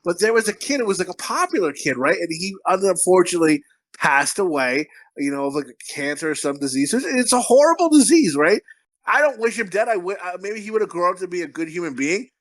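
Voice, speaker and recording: A man's voice: high voice, sing-song, brisk, a bit bright, dry recording. A man co-hosting a podcast in casual chat, a profane, rambling storyteller who laughs at his own stories. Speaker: podcast co-host.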